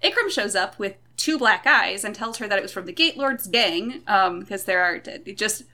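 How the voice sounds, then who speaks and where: A woman's voice: mid-range voice, lively intonation, moderate pace, bright, forceful tone. A woman co-hosting a podcast, recapping a book chapter in casual chat with wry, joking asides. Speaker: podcast co-host.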